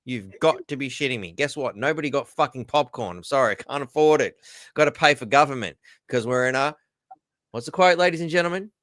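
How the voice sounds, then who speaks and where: A man's voice: medium pitch, brisk, a bit bright, no echo. A man hosting a podcast, giving casual reaction commentary in blunt, profane talk and speaking to listeners directly. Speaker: podcast host.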